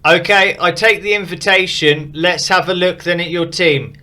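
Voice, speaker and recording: A man's voice: high voice, steady tone, normal speed, bright, forceful tone. A man casually reviewing and rating viewers' fantasy football teams, frank and opinionated but upbeat. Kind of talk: casual commentary.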